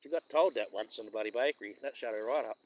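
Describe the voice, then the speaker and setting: Fishing outdoors during a casual live stream, a fast-talking Western Australian man rambles through tales with a chuckle, his medium-pitched voice captured in dull audio.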